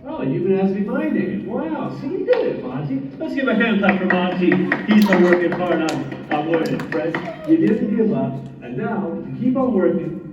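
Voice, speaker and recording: A man's voice: high voice, expressive, moderate pace, hardly any pauses, slight background noise. A man hosting a children's program, encouraging the kids and asking them lots of questions. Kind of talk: leading a children's group lesson. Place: large room with children. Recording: echoey room, distant mic, dull, children around.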